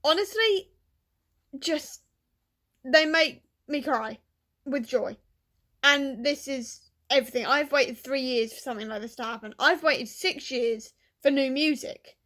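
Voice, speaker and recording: A woman book vlogger chatting casually, gushing and tearful with excitement, full of fillers. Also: sits high, measured pace. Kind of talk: casual vlog chat.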